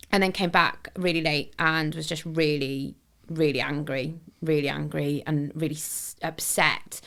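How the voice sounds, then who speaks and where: A woman, telling a personal story as a podcast guest. Her voice sits somewhat low yet sounds bright and clear. She talks in a candid, reflective way, full of "sort of" and "you know". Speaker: podcast guest, charity founder.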